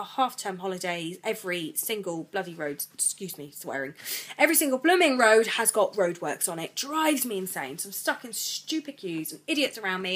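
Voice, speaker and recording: A woman vlogging about her week, talking in long rambling runs. She is pregnant and retells events with animated energy, quoting the people involved. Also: medium pitch, breathy edge. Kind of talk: chatty vlog storytelling.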